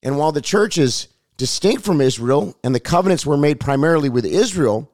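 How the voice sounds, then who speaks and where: Hoarse fervent preacher man. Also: fairly high pitch, expressive, a little fast, darkish tone, dry recording, clean studio sound. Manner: fervent, repetitive, prays aloud. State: hoarse, raspy voice. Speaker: pastor. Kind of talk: sermon and prayer.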